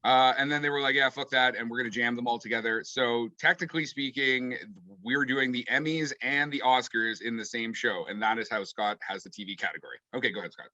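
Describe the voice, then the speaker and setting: A man with a bright, forward voice, chatting casually and laughing at himself as he hosts. The recording is close and dry with no room sound. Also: mid-range voice, fairly even intonation, fairly quick, hardly any pauses, no echo, highs cut off. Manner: chatty, self-deprecating, laughs often. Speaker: podcast host. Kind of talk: casual chat.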